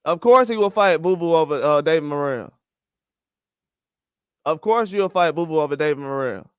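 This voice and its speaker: An older man rants heatedly about boxing, swearing often and firing the same questions again and again. His voice sits high and sounds smooth and clear. The recording is dry, with no room sound. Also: lively intonation, normal speed, dry recording. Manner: fired up, profane, repeats rhetorical questions. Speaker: boxing commentary host. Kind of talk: heated opinion rant.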